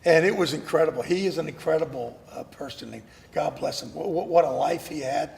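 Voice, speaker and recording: A man being interviewed as an actor guest, telling animated stories and often repeating words as he starts a sentence. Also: a little high, a little fast, creaky, long reverb tail. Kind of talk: casual interview chat.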